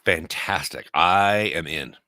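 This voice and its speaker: A man's voice: low voice, slow pace, sharp tone, slight background noise. A man chatting casually on a podcast, playful and easygoing. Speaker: podcast guest. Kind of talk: casual chat.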